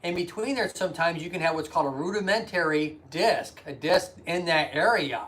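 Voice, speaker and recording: A man's voice: on the high side, lively intonation, brisk, fairly bright tone. A chatty man hosting a casual live stream, greeting viewers by name and explaining anatomy with rambling asides. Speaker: physical therapist and live streamer. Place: indoors at home.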